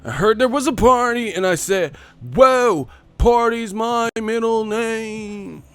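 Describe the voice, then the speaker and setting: A man putting on the voice of a goofy, uncool office guy who talks with slow, drawn-out, exaggerated cheer. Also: high voice, a bit bright, clean tone, no echo, faint music behind, voice pushed up.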